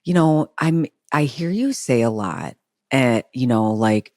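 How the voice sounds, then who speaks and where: A woman co-hosting a podcast who mostly listens and backs her partner up. When she makes her own point she talks quickly and with conviction. Her voice is recorded close and dry. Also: extremely low pitch, lively intonation, darkish tone, no room sound. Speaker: podcast co-host. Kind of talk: casual chat.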